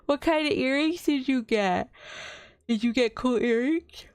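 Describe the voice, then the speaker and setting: A woman's voice: sits high, unhurried, smooth, no room sound, faint music behind. A young adult woman streaming as a VTuber, chatting casually in a bubbly, rambling way, giggling and answering chat.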